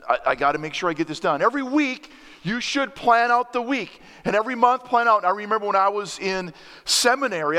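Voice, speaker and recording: A man preaching a sermon as pastor, earnest and excitable, with rising emphasis. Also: sits high. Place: church sanctuary. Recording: long church reverb.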